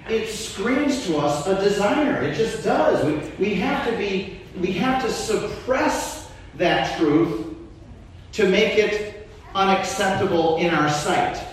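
A man's voice: high voice, takes it slowly, a little hiss or hum. A man preaching a sermon as a pastor, his voice rising and falling with emphasis. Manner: animated preaching, voice rising and dropping. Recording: echoey church hall, mic far off.

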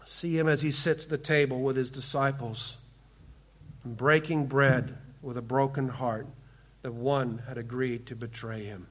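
A man preaching a sermon in earnest tones, often slowing and dropping quiet and low for emphasis. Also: steady tone. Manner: quotes scripture with slow, stressed delivery. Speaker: pastor.

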